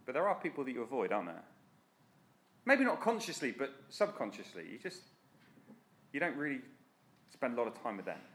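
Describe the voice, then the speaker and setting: A man's voice: mid-range voice, big pitch swings, fairly quick, pauses often, fairly bright tone. A man preaching a sermon in an earnest, direct, exhorting way.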